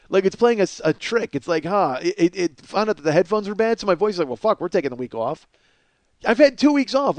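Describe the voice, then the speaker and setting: A man in his forties with a hoarse voice, hosting a comedic solo podcast in a rambling, profane, self-mocking way, in his home kitchen. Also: fairly high pitch, a little mellow, no room sound. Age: 40s. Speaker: podcast host.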